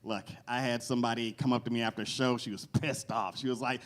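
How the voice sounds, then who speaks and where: A man doing a stand-up comedy set in a cafe, animated, jumping into loud character voices. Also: medium pitch, quick pace, few pauses. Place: cafe stage with live audience.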